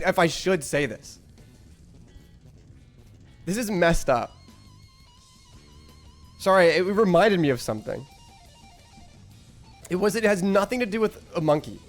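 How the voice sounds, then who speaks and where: A man's voice: sits high, lively intonation, measured pace, long pauses, faint music behind. A man streaming live, telling a rambling story to his chat, swearing freely and often breaking into laughter.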